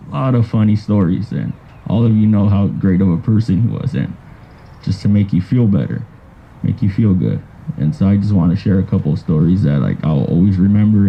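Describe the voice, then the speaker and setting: A man speaking at a cousin's graveside, telling funny memories in a halting way with restarts. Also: lowish voice, highs cut off, slight background noise. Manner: halting, with restarts and soft trailing phrases. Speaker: cousin giving a eulogy. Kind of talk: graveside eulogy with anecdotes. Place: outdoors at a graveside.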